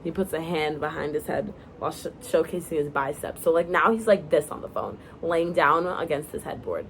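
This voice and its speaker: Woman reading her story, gravelly low voice. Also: brisk, few pauses, a little hiss or hum. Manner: casual, breaks off to laugh and comment. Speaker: reader of her own story. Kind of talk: first-person story reading.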